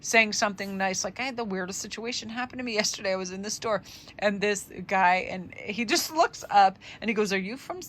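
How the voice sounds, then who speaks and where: A woman's voice: medium pitch, fairly quick, fairly bright tone. A woman doing a casual tarot vlog, chatty and upbeat, rambling with fillers through affirmations, her voice a little tired. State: voice tiring. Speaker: tarot reader.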